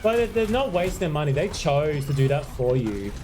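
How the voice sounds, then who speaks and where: A young man streams a game live, his slightly high voice brisk, with a little hiss or hum in the recording. Excitable, he yelps, apologizes as he plays, and chats with viewers throughout the commentary.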